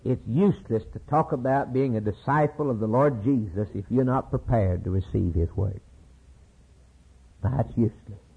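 A man preaches with a husky, breathy voice, hammering points home by repeating phrases. His sermon comes through a thin, phone-like recording with little low end. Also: normal speed. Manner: emphatic, repeats key phrases, retells scripture with acted voices.

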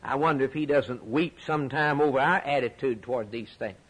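A man preaching a sermon with passion, dropping low and quiet, then rising high and loud on key points, often repeating words. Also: brisk, slightly rough, low-quality recording. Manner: repeats words when stirred.

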